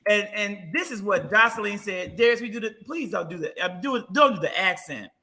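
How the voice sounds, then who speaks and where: A man guest-hosting a casual chat show, animated and teasing in quick banter. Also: sits high. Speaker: guest host.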